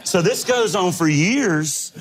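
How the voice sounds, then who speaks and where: A man on a talk show telling an animated, rambling personal anecdote with folksy asides. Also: sits high, takes it slowly, loud music behind the voice.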